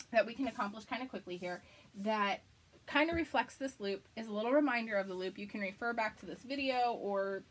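A woman's voice: mid-range voice, a little hiss or hum. A woman in her thirties hosting a live crafting video, chatting casually and laughing often. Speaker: crafting livestream host.

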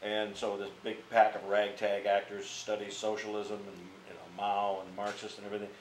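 An older man, a theater actor, telling stories in an interview in a blunt, profane, animated way. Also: fairly low pitch, moderate pace. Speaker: interviewee, Mime Troupe actor. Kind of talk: casual storytelling interview. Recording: echoey room with faint background noise.

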